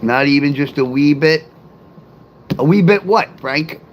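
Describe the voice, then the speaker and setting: Middle-aged man, livestream host, loose rambling delivery, answers his chat out loud, faint hum underneath. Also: on the high side, measured pace, rough recording. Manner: rambling, talks straight to chat viewers; reads and answers live comments aloud.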